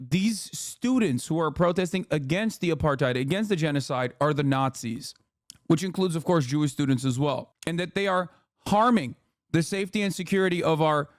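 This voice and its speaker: A man rants on a live stream, heated and profane, slipping into mocking voices to quote the people he criticizes. His voice sits high for a man. The sound is close and dry, with no room around it. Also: no room sound. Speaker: streamer commentator.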